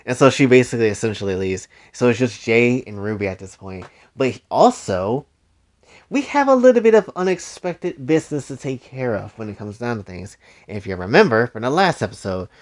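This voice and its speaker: A man's voice: mid-range voice, very animated, fairly quick. A man casually narrating a fan story in a slangy, rambling, playful way.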